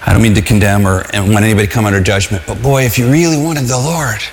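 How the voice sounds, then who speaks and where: A man's voice: on the low side, fast, in a large hall, slight background noise. A pastor preaching a sermon to a congregation in a loose, conversational way, often restarting his sentences.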